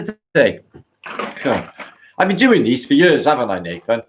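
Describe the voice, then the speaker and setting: A man's voice: medium pitch, big pitch swings, normal speed, background noise. A middle-aged British man hosting a livestream, chatting casually, rambling and swearing as he reads out viewer comments. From Britain. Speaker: livestream host.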